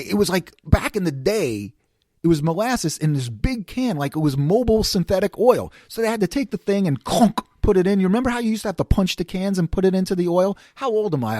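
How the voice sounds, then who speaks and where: A man's voice: high voice, a little mellow, dry recording, clean studio sound. A man in his fifties from the New York City area with a New York accent, telling stories in a casual monologue, acting out quoted voices and laughing often. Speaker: podcast host.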